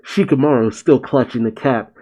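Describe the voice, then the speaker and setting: A man casually narrating a novel chapter with excited asides and the odd swear. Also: mid-range voice, moderate pace, low-quality recording. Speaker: story reader and reactor.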